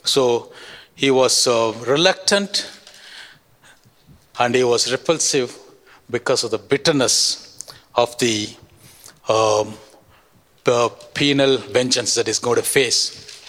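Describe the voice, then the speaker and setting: A man's voice: medium pitch, slow, pauses often, fairly bright tone, big-room sound. A man preaching a sermon, teaching with repeated points and frequent checks of "right?".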